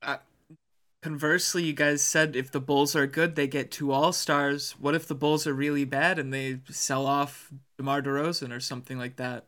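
A man on a sports panel offering measured, thoughtful comments in a casual chat. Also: medium pitch, level tone, a bit bright.

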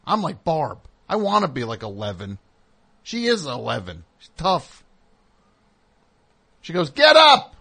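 A middle-aged man hosting a show, telling a casual story and acting out the people in it with sudden loud outbursts. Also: mid-range voice, unhurried, gravelly, long pauses, breathy edge. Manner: animated, acts out voices with loud outbursts. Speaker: host.

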